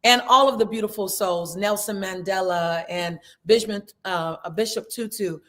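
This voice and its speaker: A woman's voice: medium pitch, measured pace, fairly bright tone. A woman hosting a live online session, greeting viewers by name with upbeat, playful asides. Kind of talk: lively live-stream chat. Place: indoors at a video production shoot.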